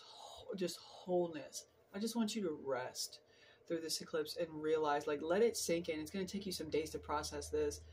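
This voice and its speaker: A woman's voice: low voice, a little mellow, slight background noise. Earnest rambling woman reading tarot. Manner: earnest, rambling, frequent restarts. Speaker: tarot reader. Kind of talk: casual tarot reading monologue. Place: at home in an apartment.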